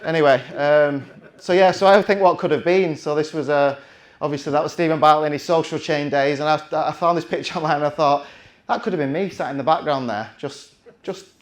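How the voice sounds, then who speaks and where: A man, telling a chatty, self-mocking story from the stage with plenty of restarts. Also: a little high. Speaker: conference speaker.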